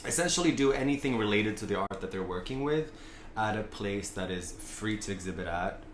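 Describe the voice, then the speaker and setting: A man's voice: lowish voice, lively intonation, fairly quick, background noise. A man from Sweden, an event organizer, explaining his events in a laid-back, plain-spoken way during an interview. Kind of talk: casual interview talk. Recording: roomy echo with faint ambience.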